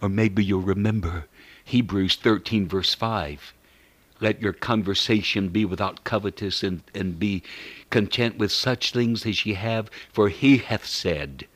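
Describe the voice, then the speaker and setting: A man preaching a sermon in an earnest, measured way, reciting scripture as he goes. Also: on the low side, fairly bright tone, dry recording.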